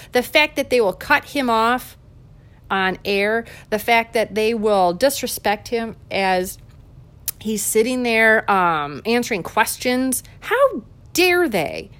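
A woman's voice: a little high, a bit bright. A woman giving a heated political commentary monologue, fiery, combative and sarcastic.

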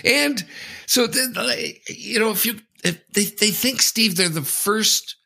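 A man from Canada co-hosting a casual sports podcast, telling an animated story, often calling the host by name and putting on high voices for others. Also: slow pace, gravelly.

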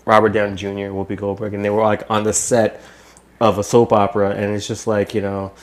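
Fast-talking low-voiced podcast host man. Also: level tone. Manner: teasing, quick banter. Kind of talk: casual comedy podcast chat.

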